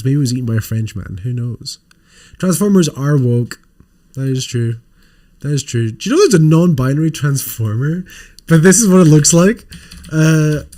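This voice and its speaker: A man's voice: medium pitch, dark tone. A man co-hosting a livestream podcast, rambling casually and swearing while showing off toys. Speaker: podcast co-host.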